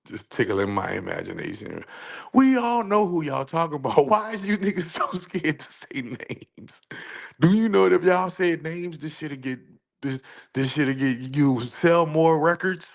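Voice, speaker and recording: A man with a New Orleans accent hosting a casual commentary vlog, rambling and animated, climbing into incredulous squeaks. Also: creaky. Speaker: vlog host.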